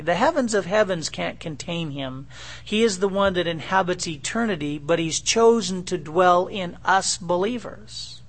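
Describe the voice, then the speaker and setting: Male pastor, high voice, emphatic teaching sermon with frequent check-ins. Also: fairly bright tone.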